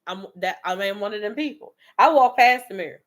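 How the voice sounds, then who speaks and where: A woman's voice: medium pitch, brisk, a bit bright. A woman giving a fiery motivational monologue, blunt and profane, calling out her listeners directly and preaching tough love. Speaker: motivational speaker.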